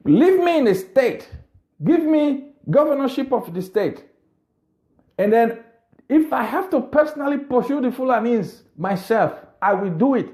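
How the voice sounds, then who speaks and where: A political commentator with a high-sitting, slightly mellow voice delivers an impassioned monologue. He sounds indignant and fires off rhetorical questions.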